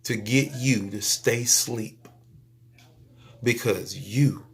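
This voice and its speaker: A man delivering a spiritual preaching monologue to his viewers, emphatic and repetitive, stretching out phrases and suddenly dropping to a soft near-whisper. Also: fairly low pitch, takes it slowly, a little hiss or hum. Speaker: YouTube speaker.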